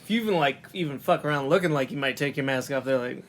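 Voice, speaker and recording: A man's voice: mid-range voice, fast talker, slight background noise. A man co-hosting a casual podcast, teasing his friends and laughing often. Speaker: podcast co-host. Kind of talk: casual chat.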